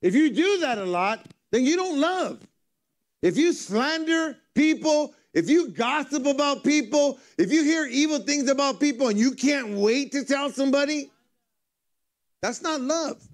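A man's voice: very high voice, animated, measured pace. A man pastor preaching a sermon in a conversational way, telling funny stories. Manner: conversational preaching with humorous storytelling. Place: church service.

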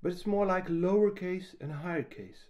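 A man, a piano teacher explaining how to read rhythm, speaking slowly and patiently. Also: high voice, darkish tone. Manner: slow, patient explanation with sung rhythm syllables. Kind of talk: music lesson, explaining and singing rhythm syllables.

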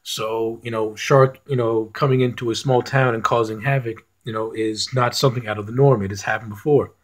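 A man's voice: medium pitch, steady tone, brisk. A man reviewing films in a casual rant, blunt and profane, often restarting his sentences. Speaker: film reviewer.

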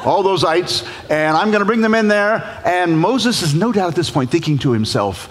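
A man preaching a humorous storytelling sermon, animated, playful and folksy as he retells a scripture story. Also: a little high, fairly quick, hardly any pauses. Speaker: guest preacher. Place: large church sanctuary. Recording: long church reverb.

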